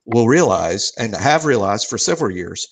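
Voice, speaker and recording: A man's voice: lowish voice, sing-song, normal speed, noisy background. A man hosting a podcast, talking in a dry, wry, self-deprecating way. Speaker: podcast host. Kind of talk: casual chat.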